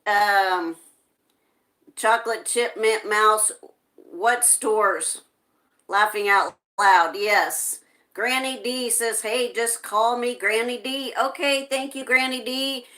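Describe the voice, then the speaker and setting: A woman hosting a live stream, reading viewers' chat messages aloud at an unhurried pace. Her voice is bright and forward, and she greets each newcomer by name. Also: a little high.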